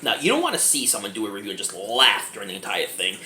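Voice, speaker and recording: A man giving a casual movie review, animated and giggly, keeps breaking into laughter. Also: lowish voice, quick pace. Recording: echoey room, faint background noise.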